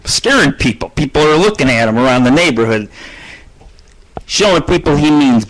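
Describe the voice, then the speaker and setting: A man's voice: on the high side, big pitch swings, moderate pace, poor audio. Profane, rambling middle-aged male radio host. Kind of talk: solo live radio monologue. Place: at home. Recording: faint background noise.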